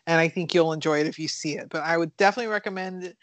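A woman's voice: fairly low pitch, very fast. A woman on a casual podcast walks through a horror film's plot in a loose, rambling way, peppered with fillers and the occasional curse. Her voice sounds dry and close, with no room echo. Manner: rambling, animated storytelling with fillers and swearing. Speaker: podcast co-host reviewing horror films. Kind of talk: casual chat, retelling movie plots.

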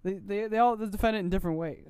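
A man's voice: high-pitched, fast talker, a little mellow, slight background noise. A man co-hosting a radio show, chatting casually and laughing often in a laid-back, slangy way. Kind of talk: casual banter. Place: radio studio.

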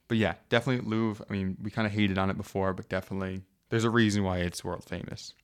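Young man rambling casually, lowish voice. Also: quick pace, few pauses. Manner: relaxed, rambling, heavy use of "like". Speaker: podcast co-host. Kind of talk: casual chat.

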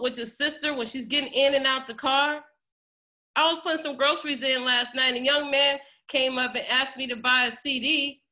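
Woman preacher, bright forceful voice, fairly high, impassioned, pleading, near tears. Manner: fervent, pleading, emotional. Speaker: congregation host.

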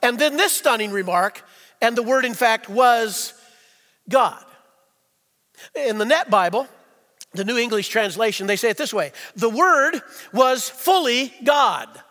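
Man preaching in a church, very high voice, bright, reverberant sanctuary, rhetorical questions, hushed-to-loud delivery. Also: expressive. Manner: rhetorical questions, slows for emphasis, swings between quiet and loud. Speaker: pastor. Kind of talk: sermon. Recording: long reverb in a church hall.

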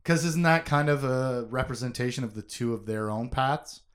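A man's voice: mid-range voice, moderate pace. A young man co-hosting a podcast, chatting casually about a novel in an emotive, conversational way with plenty of fillers and laughter.

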